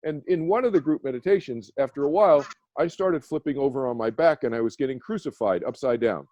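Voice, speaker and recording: A man's voice: medium pitch, lively intonation, fast talker, darkish tone. A man, a meditation teacher, telling a personal story as a radio guest, earnest and rambling with many restarts. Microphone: phone or video call.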